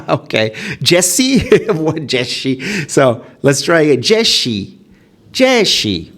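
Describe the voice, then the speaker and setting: A man hosting his own show, casually testing himself out loud, laughing at his own mistakes, speaking into a headset. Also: on the high side, huge pitch swings, slow. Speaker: podcast host practicing Mandarin. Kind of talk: casual self-recorded practice session.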